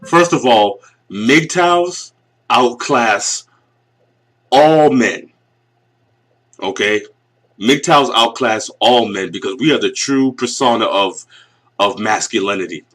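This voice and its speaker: A man's voice: fairly low pitch, lively intonation, a little slow, fairly bright tone. A man in his forties with a Northeastern US accent, ranting bluntly and mockingly as a YouTube commentator reacting to a clip. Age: 40s. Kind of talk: reaction rant.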